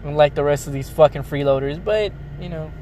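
A man's voice: a little high, a little fast, darkish tone, slight background noise. A young man, a rapper, delivering a bitter, profane rant full of sarcasm and mocking impressions, recorded outdoors near a road. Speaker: rapper and vlogger. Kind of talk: ranting monologue.

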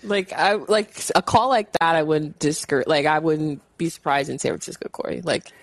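A woman hosting a podcast, reacting in animated, exclamatory casual chat. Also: deep voice, normal speed, dry recording. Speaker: podcast host.

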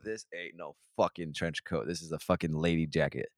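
A man's voice: a bass voice, fairly even intonation, brisk, no room sound, studio quality. A man hosting a podcast, telling a rambling, profane story in casual chat. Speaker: podcast host.

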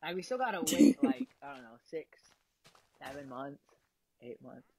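A woman's voice: low voice, very animated, normal speed, warm tone, poor audio. A young woman vlogging casually, rambling with lots of fillers and frequent giggles while she eats. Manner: eating while talking. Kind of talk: casual chat.

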